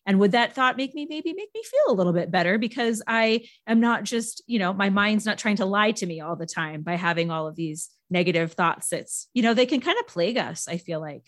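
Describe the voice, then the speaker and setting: A woman's voice: mid-range voice, animated, a little fast, hardly any pauses, fairly bright tone. A woman hosting a podcast, reflective and agreeing in casual interview talk. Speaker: podcast host.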